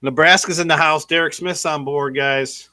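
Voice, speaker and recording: A man hosting a loose chat, teasing playfully and greeting listeners. His voice is a little high and bright, and the sound is dry and close. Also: steady tone, moderate pace, no room sound. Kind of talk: casual chat.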